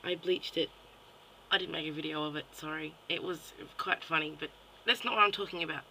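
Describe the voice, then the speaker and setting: Australian woman, young mum, profane blunt rant, very bright tone, faint background hiss, webcam vlog. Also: low voice, brisk, low-quality recording. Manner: blunt, profane, indignant ranting. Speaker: vlogger. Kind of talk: ranting vlog monologue. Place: home at night.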